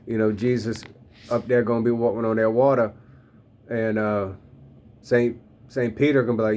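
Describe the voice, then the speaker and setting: A man's voice: medium pitch, flat delivery, moderate pace, long pauses, darkish tone. A man in his thirties reflecting on faith in a loose, slangy, rambling way, talking straight to his listeners. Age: 30s. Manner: addresses listeners directly. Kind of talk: casual spoken reflection on faith.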